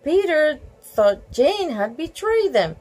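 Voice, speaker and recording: A woman's voice: high-pitched, big pitch swings, takes it slowly, a little mellow, rough recording. A woman reading a picture book aloud, gasping and exclaiming over the pictures with chatty asides. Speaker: storybook reader.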